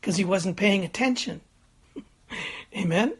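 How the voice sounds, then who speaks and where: A man's voice: high-pitched, moderate pace. Older man, pastor, folksy chatty sermon, chuckles, checks in with the congregation, standing at the front. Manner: chatty, chuckles, frequent "Amen?" and "Okay?" check-ins.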